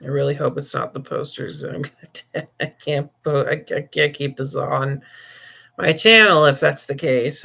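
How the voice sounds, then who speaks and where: Male stream host, somewhat high, bright tone, loose and jokey, rambling chat. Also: steady tone, moderate pace, gravelly. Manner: rambling and jokey, with frequent laughs and restarts. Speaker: livestream host. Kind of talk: casual livestream chat.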